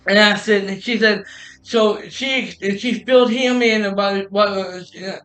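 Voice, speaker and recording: A man with a high, bright and forceful voice tells a story on a live podcast stream. He stumbles and restarts his phrases, repeating himself as he acts out quoted dialogue, with faint music playing underneath. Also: steady tone, a little slow, rough recording. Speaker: podcast host telling a story. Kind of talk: casual rambling storytelling. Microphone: streaming mic.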